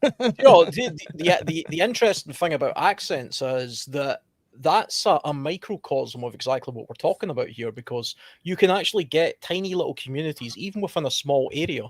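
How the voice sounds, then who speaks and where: A man's voice: a little high, expressive, fairly quick. A man with a slightly raised voice, talking on a podcast in a chatty, anecdotal way. He restarts sentences with repeated words. The sound is close and dry, with no room echo. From United Kingdom. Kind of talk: casual podcast chat.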